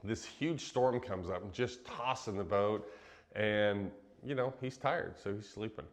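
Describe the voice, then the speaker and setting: Man with a somewhat low voice, from Western Kansas, relaxed conversational Bible teacher. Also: measured pace. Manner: relaxed, chatty, laughs easily, frequent ums. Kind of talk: casual Bible teaching chat.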